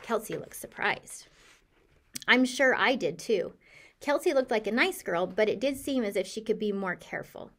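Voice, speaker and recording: A woman reading a children's chapter book aloud in the voice of a cheerful, curious hamster narrator, with a lively, expressive delivery. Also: medium pitch, moderate pace. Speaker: audiobook reader. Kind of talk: storybook narration.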